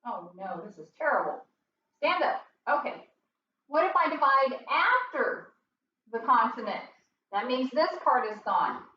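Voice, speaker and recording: Her voice sits high and sing-song as she guides children through phonics, drawing each sound out with gentle encouragement. Picked up from far off in the classroom, the audio is dull and roomy with a faint hiss or hum.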